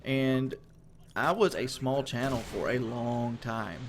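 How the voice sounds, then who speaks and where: A man's voice: mid-range voice, steady tone, slow, a little hiss or hum. A man giving a casual monologue as a gaming commentator, frank and rambling, with casual swearing.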